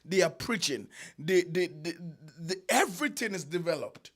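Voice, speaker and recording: A man preaching a sermon, emphatic, repeating phrases and drawing out key lines with long pauses. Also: sits high, expressive, fairly bright tone.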